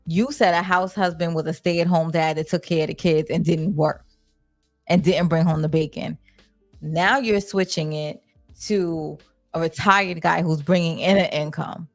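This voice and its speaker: A woman's voice: deep voice, steady tone, unhurried, soft background music. A young adult woman, hosting a live chat, candid and blunt, reading viewer comments. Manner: candid, blunt, swears casually. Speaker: livestream host.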